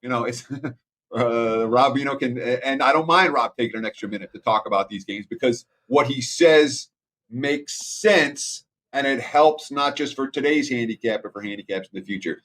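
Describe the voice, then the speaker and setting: A man's voice: mid-range voice, normal speed, fairly bright tone. A man co-hosting a sports betting show, enthusiastic and keeping the show moving. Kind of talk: casual show banter.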